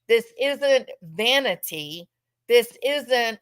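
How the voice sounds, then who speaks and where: A woman's voice: fairly high pitch, lively intonation, takes it slowly, fairly bright tone. A woman giving impassioned true-crime commentary from home, repeating phrases for emphasis and mock-quoting others.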